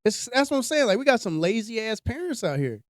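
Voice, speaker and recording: A man's voice: extremely high pitch, big pitch swings, fairly quick, dry recording, studio quality. A young man co-hosting a podcast, telling a story in casual, blunt, profane chat. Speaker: podcast host.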